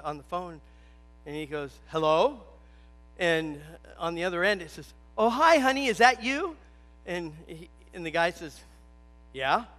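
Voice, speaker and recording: A man's voice: fairly high pitch, pushed and bright. A man preaching a sermon in a church, stressing his points with repetition and telling a joke story. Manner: emphatic, repeats key phrases.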